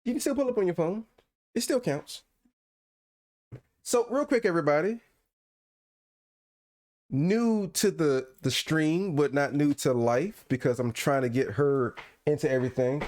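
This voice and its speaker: Lively, teasing male podcast host. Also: on the high side. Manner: playful, teasing, laughs often. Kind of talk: casual livestream chat. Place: at home.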